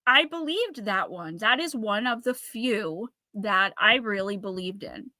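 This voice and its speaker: Bright-voiced woman telling a spooky story. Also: medium pitch, measured pace, no echo, clean studio sound. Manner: animated, acts out quoted voices while retelling a story. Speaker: host. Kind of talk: casual storytelling on a live show.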